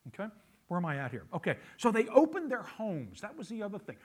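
A man's voice: sits high, huge pitch swings, quick pace, slightly rough. A male pastor preaching a sermon, emphatic, repeating key phrases and asking the congregation questions.

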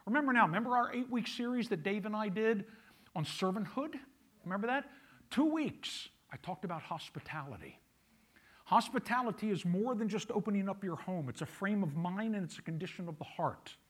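A man's voice: high voice, expressive, fairly quick. A male pastor preaching a sermon, emphatic, repeating key phrases and asking the congregation questions.

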